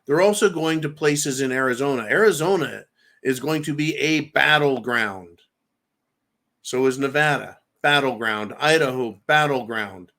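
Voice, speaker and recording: A man's voice: medium pitch, a little slow, bright, forceful tone. A man hosting a livestream and answering viewer comments. He talks in a blunt, rambling way, swears freely, and stacks up long lists. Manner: rambling, with lists and repeated words. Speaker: livestream host. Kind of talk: live chat commentary, reading viewer comments.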